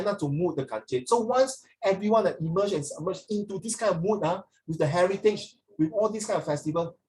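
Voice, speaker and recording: A man's voice: sits high, low-quality recording. A male teacher runs a loose, chatty lesson. He flips between English and Mandarin mid-sentence and keeps teasing his students. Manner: playful, teasing. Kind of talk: casual classroom lesson.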